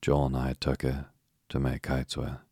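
A man's voice: rumbling low, completely flat delivery, normal speed, a little mellow, breathy edge, dry recording, studio quality, exaggerated voice. A man voicing a sober, generous little boy who speaks up earnestly.

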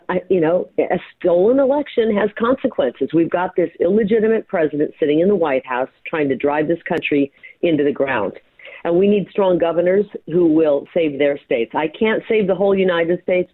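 A woman's voice: low-pitched, dry recording. A woman guest talking as a political candidate, blunt and emphatic, with some fillers. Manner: forceful, emphatic, scattered fillers. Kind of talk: blunt campaign talk. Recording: tinny dry phone line.

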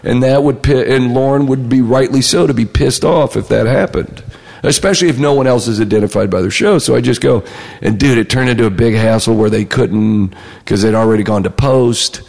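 A male comedy writer tells a story in a loose, casual way, slipping into the voices of the people in it. His voice is gravelly and carries a long, hall-like reverb. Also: mid-range voice, fairly quick. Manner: animated, acts out other people's lines.

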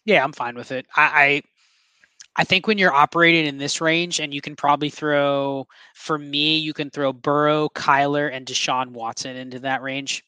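Man, podcast co-host. Bright tone, dry mic, measured and explanatory. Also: on the high side, fairly even intonation, clear, resonant tone, dry recording. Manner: measured, explains his reasoning. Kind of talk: casual fantasy football chat.

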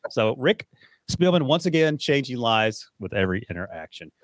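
A man's voice: medium pitch, big pitch swings, normal speed, no room sound, clean studio sound. A man hosting a football podcast, joking with his co-host and plugging the show in a casual chat. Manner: upbeat, joking, plugs the show.

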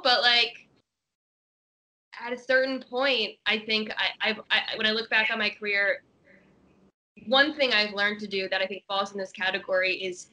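A woman talks openly as an interview guest, filling her sentences with casual fillers as she works through her thoughts. Her voice is very bright and sharp, sitting at a mid pitch. She keeps the delivery loose and conversational. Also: a little hiss or hum, rough recording. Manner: chatty, candid, peppers speech with fillers.

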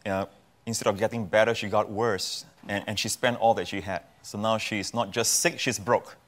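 A man's voice: on the low side, fairly even intonation, moderate pace, fairly bright tone. A man teaching from the Bible as a guest on a talk show, earnest and repeating phrases for emphasis. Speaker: guest preacher.

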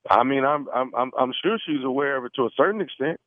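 A man's voice: medium pitch, fast talker, no room sound. A man making a radio prank call, brash and matter-of-fact, often stammering over his words. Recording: dry phone-like line.

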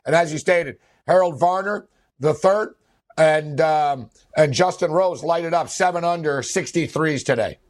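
A man's voice: fairly high pitch, measured pace. A man co-hosting a casual sports talk show, rambling with lots of fillers and laughing often. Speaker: sports podcast co-host.

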